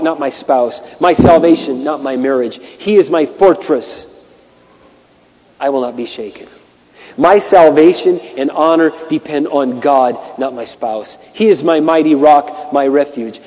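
A man preaching a sermon as pastor, impassioned, dropping to hushed asides and rising to shouted bursts. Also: a little high, a little slow, pauses often. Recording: muffled echoey hall.

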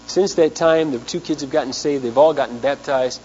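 A man's voice: mid-range voice, a little fast, few pauses, a little mellow. A man preaching a sermon as pastor, telling stories and asking the congregation rhetorical questions. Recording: dull lo-fi 1990s sermon tape with faint mains hum.

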